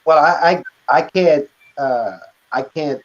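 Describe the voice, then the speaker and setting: A man's voice: on the high side, slow, lo-fi sound. A man being interviewed about his heart attack recovery, speaking hesitantly and reflectively, with many filler words. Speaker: guest author. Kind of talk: conversational interview.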